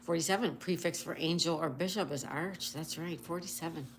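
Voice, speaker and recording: A woman's voice: low-pitched, a little fast, a little hiss or hum. A woman hosting a casual livestream, greeting viewers by name, reading chat messages aloud and spelling crossword answers letter by letter. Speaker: livestream host.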